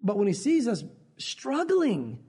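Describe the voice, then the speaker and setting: Male pastor, high voice, slightly husky, animated conversational sermon delivery. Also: a little slow. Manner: animated, conversational preaching with acted quotes.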